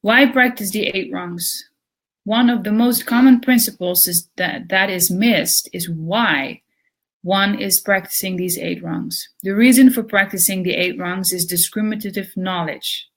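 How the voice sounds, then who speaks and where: A woman co-presenting a yoga lesson, reading the commentary aloud in a steady, measured way. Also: mid-range voice.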